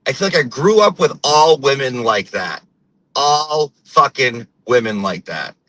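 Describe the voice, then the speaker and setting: A man hosting a comedy show, rambling and swearing as he riffs in a slow, drawn-out way. His voice is bright and edgy, recorded dry and close. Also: mid-range voice, no room sound, low-quality recording. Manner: animated, profane, rambling. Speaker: host. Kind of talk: casual comedic monologue.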